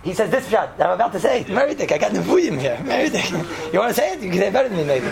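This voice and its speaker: A woman teacher giving a casual religious talk, telling stories in an animated way and mixing in Hebrew and Yiddish terms. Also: very fast, creaky, over a noisy crowd. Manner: jumps to high pitch when acting out story lines. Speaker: seminary teacher.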